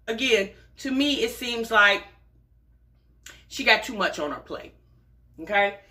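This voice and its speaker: A woman's voice: on the high side, pushed and bright. A woman in her forties hosting a reaction video in casual commentary, direct and sassy, calling listeners honey and baby and asking okay? after her points. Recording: roomy echo.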